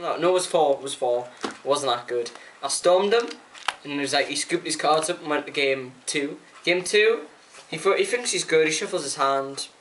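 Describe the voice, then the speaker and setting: A young man, chatting excitedly through a casual vlog recap, full of fillers and acted-out quotes. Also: on the high side, slight background noise. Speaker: card game player reviewing a tournament.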